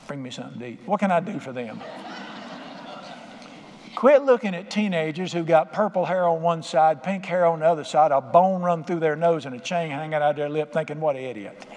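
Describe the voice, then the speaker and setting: A man's voice: a little high, a little fast, darkish tone. Older male pastor, folksy conversational sermon delivery, long church reverb with faint room noise behind. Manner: folksy, conversational preaching with acted-out quotes. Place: church sanctuary. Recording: reverberant hall with faint ambience.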